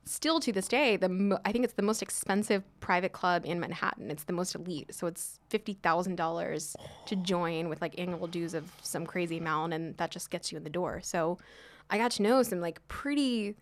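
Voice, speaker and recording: A woman in her thirties, a sommelier guest on an interview show, telling her story in a chatty, animated way full of fillers. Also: fairly low pitch, normal speed. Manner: chatty, animated, many "like" fillers, laughs often.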